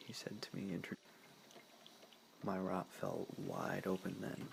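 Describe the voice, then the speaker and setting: A man reading a novel chapter aloud as a whispered ASMR reading, in a soft, slow whisper. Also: low voice, big pitch swings, gravelly, a little hiss or hum, rough recording. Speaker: reader.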